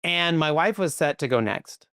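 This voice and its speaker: A man, a podcast guest, telling stories in a lively conversational way, full of "like" and "right?". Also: a little high, clean tone, no room sound, studio quality. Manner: animated, quick, peppered with "like" and "right?". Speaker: podcast guest, company leader. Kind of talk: conversational storytelling.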